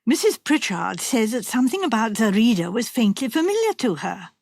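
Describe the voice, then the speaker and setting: A woman reader voicing a shrewd, practical nurse in a storybook reading, brisk and matter-of-fact. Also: on the high side, sing-song, vocal fry, a little mellow, no echo, studio quality, full character voice.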